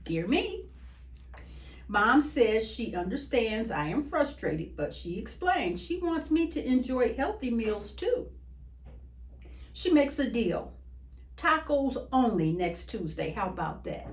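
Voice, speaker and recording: Woman, children's story reader, slow and lilting, echoey room. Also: on the high side. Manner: expressive, sing-song storybook reading. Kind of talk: reading a picture book aloud to children.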